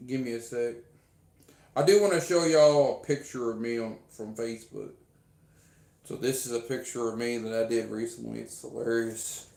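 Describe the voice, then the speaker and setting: A man's voice: medium pitch, fairly even intonation, moderate pace, vocal fry, warm tone. A man talking casually to viewers on a livestream, rambling and repeating himself, earnestly thanking his fans. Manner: rambling and repetitive, full of fillers. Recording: echoey room.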